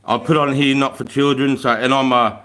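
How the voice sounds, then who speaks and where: Easygoing, swearing Australian bloke live. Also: male voice, mid-range voice, steady tone, a little fast, fairly bright tone. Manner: laid-back, swears freely, laughs easily, lots of mate and bro. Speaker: livestream host. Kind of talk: casual livestream chat reading out viewer comments. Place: indoors at home by a wood fire.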